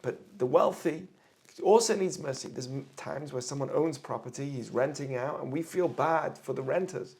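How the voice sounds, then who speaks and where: Gravelly-voiced rabbi teaching a lesson. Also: male voice, mid-range voice, moderate pace, a little mellow. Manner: earnest, explains with everyday examples. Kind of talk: torah class talk.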